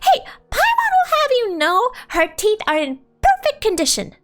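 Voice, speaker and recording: A woman's voice: extremely high pitch, huge pitch swings, moderate pace, a bit bright, faint music behind, pitched above the performer's own voice, exaggerated voice. A woman voicing Paimon, a tiny floating girl companion from a game, who talks in a chirpy, huffy and indignant way.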